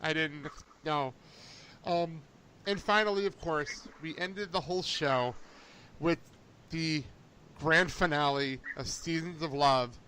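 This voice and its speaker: A young man hosting a casual podcast chat, excitable and quick to laugh as he tells stories. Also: fairly high pitch, slight background noise. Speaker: podcast host.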